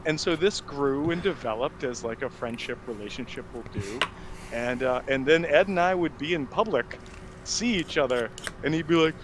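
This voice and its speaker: A young adult man telling stories casually among friends and shouting out mock insults. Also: fairly high pitch, expressive, normal speed, noisy background. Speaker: player in a tabletop game podcast.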